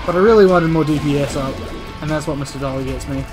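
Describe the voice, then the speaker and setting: A man's voice: fairly high pitch, fast talker. A man streaming a video game, chatting casually and sarcastically while he plays. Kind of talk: casual let's-play commentary. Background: game music.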